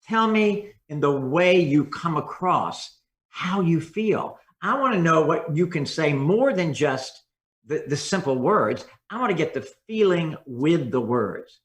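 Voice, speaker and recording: A man speaking as a communication coach in a podcast interview, expressive and acting out different tones of voice. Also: fairly high pitch, roomy sound.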